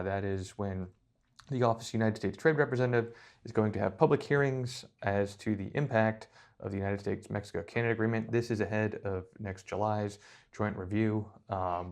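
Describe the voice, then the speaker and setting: A man with a very low voice lays out policy news in a steady, explanatory way. He pauses often with small fillers as he works through the points. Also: gravelly. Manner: measured, explanatory, with frequent "uh" pauses. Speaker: policy analyst. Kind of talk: podcast briefing.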